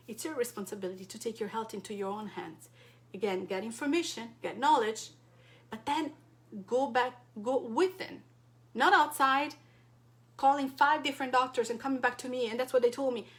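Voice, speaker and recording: A woman's voice: a little high, normal speed, a bit bright. Passionate, direct woman wellness coach. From Europe. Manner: direct and passionate, with rhetorical questions. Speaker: wellness coach addressing a support group. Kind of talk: impassioned direct-to-camera talk.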